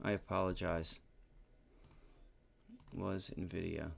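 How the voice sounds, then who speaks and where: Low-pitched, creaky and level in tone, this day trading livestream host takes his time as he thinks aloud over charts. He has a sore back and erupts in frustrated cursing when trades go wrong.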